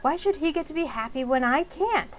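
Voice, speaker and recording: A woman's voice: sits high, animated, fairly quick, faint music behind, voice pushed up. A woman doing a defiant, hot-tempered girl in a game. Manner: blunt, combative.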